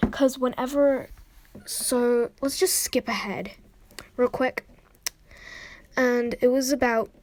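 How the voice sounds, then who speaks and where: A woman telling a story casually to camera, rambling and excitable, dropping into hushed asides and rising into indignant outbursts. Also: a little high. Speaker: storyteller recounting an online game incident.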